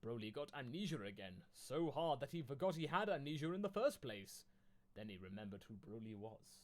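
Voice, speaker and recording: A man reads clumsy fan fiction aloud with mock gravity, stumbling over the broken sentences. His pitch rises and falls in wide, lively swings. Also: brisk. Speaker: comedy host reading fan fiction. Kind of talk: mock-dramatic reading aloud.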